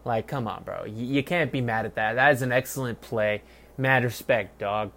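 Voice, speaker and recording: A young man reviews a football game on his own, cursing freely and mocking the announcers. He rambles, gets loud in bursts, then drops to low mutters. His voice sits at an average pitch for a man. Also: moderate pace. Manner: profane, rambling, mocking, swings from loud to mumbled. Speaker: sports podcast host. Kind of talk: casual solo game review rant.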